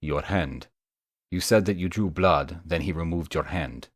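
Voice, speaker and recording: Calm male mage, measured and direct, very low voice, read by a male narrator. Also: no room sound, clean studio sound. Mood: serious.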